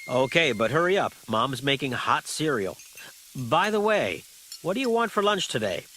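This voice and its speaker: A man's voice: medium pitch, very animated, normal speed, bright, forceful tone, slight background noise. An actor playing a friendly, cheerful father in a scripted family dialogue.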